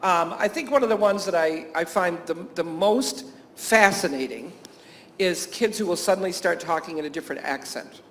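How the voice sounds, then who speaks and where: A man's voice: high voice, animated, moderate pace, a bit bright, a little hiss or hum. A man who teaches and works at a camp, giving a conference talk to health professionals, full of anecdotes, frequent chuckles, fillers and restarts. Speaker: teacher and camp staff speaker.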